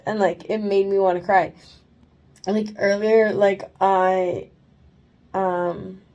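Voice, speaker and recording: Her voice sits in the mid range with a darkish tone. Worn out after oral surgery, she vlogs casually late at night from her bed and then her bathroom, rambling, using plenty of fillers, and cursing freely.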